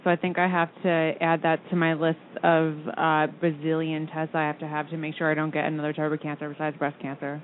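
A woman's voice: deep voice, completely flat delivery, brisk, few pauses, a little hiss or hum. A woman co-hosting a casual talk show, laughing along with the others. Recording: tinny phone line.

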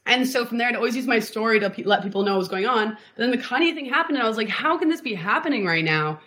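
A woman's voice: on the high side, very fast, a bit bright. A woman in her twenties from Miami, telling her story in a casual interview, rambling with lots of "like" and restarts. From Miami, Florida. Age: 20s. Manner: rambling, heavy use of "like" and restarts. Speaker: guest.

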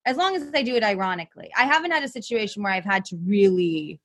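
A woman's voice: mid-range voice, expressive, quick pace, a bit bright. A woman guest, an actress, chatting casually with self-mocking humor and frequent hesitations. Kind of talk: casual chat.

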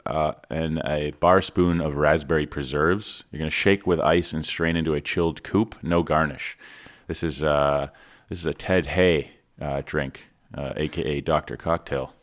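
A man co-hosting a podcast, chatting casually and reading out a cocktail recipe with many fillers. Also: rumbling low. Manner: relaxed, hesitant, many fillers. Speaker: podcast co-host. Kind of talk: casual chat.

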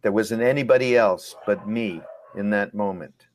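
A man hosting a webinar Q&A, speaking reflectively and unhurriedly, often pausing to search for words. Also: on the low side, a little hiss or hum. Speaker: host. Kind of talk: webinar Q&A conversation.

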